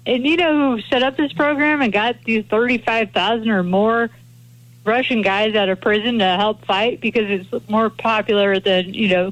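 A woman's voice: on the high side, no room sound, rough recording. A female defense attorney guesting on a radio show, talking in a chatty, laughing way with lots of "like". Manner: chatty and laughing, loose with fillers like "like". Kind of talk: casual radio interview.

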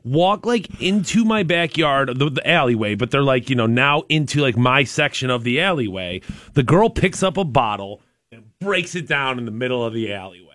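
A man co-hosting a casual podcast, telling a story with animated energy and loudly acting out his own yelling. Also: medium pitch, moderate pace. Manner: animated, acts out his own shouting in stories. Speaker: podcast co-host.

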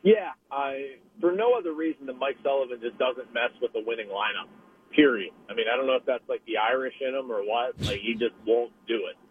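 A man's voice: medium pitch, fairly quick. A man working as a hockey reporter, a guest on a radio show calling in from his car. He chats casually and analytically, laughs easily and often restarts his sentences. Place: driving in a car. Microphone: phone call. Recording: husky, tinny phone line.

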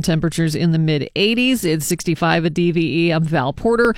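An upbeat man hosts a morning radio show, moving between news and weather reads and light banter. His voice sits high and sounds smooth and clear, recorded dry and close on a studio mic. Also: expressive, brisk, no room sound. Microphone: studio microphone.

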